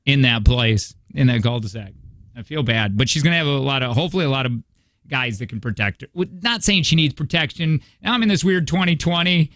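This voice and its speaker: A man in his thirties with a mid-range, fairly bright voice hosts a morning radio show, chatting casually and rambling through stories. He's in a radio studio on a studio microphone, with no echo.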